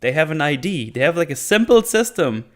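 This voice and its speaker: Smooth-voiced man rambling through a movie recap. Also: on the high side, sing-song, fairly quick. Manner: rambling, profane, with frequent restarts. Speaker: movie review channel host.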